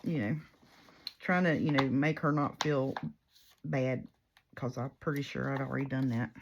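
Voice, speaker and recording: A woman's voice: a bass voice, steady tone, moderate pace, gravelly, dull audio, noisy background. A woman chatting casually while crafting, rambling and poking fun at herself. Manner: chatty, rambling, self-mocking storyteller. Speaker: paper crafter and YouTuber.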